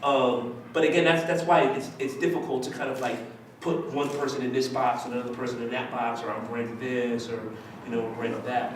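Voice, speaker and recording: A man speaks hesitantly at a press conference, thinking aloud and pausing as he goes. His voice sits at an ordinary middle pitch. The mic is far off in a very echoey room, with a faint hiss behind him. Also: level tone. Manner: thoughtful, hesitant, halting.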